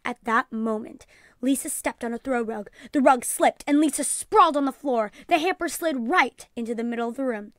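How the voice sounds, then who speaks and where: A woman teacher reading a children's book aloud, clear and deliberate, then asking class questions. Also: a little high, dry recording, clean studio sound. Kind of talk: children's read-aloud lesson.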